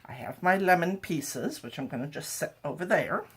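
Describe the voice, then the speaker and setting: A woman's voice: deep voice, animated, moderate pace, fairly bright tone, husky. A woman chatting wryly to camera in her home kitchen while she cooks, with jokey asides. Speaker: home cooking vlogger. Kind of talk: casual cooking demo chat.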